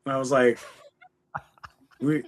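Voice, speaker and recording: A man's voice: on the high side, unhurried, fairly bright tone, a little hiss or hum. A middle-aged man telling a story as a podcast guest, playfully acting out the voices of the people in it. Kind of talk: casual interview storytelling.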